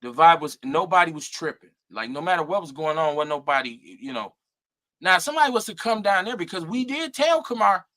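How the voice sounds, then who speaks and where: A middle-aged man co-hosting a casual talk show, animated and profane, laughing often and mimicking people. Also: sits high, brisk. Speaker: co-host.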